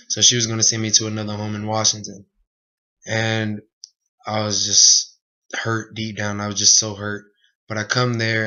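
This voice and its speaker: A man's voice: fairly low pitch, bright, forceful tone, smooth. A young man earnestly telling his personal testimony in a plain speech, with many asides. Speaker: speaker giving a personal testimony. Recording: dull lo-fi recording.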